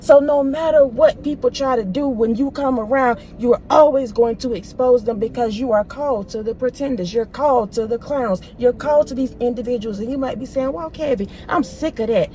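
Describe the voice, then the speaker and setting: A woman with a fairly high, mellow voice gives a spiritual reading straight to her viewers. She preaches emphatically in loose, slangy phrasing, circling back over her points and calling the listener "baby" again and again. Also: brisk, few pauses, slight background noise. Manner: casual, repetitive, slangy phrasing. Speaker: spiritual reader.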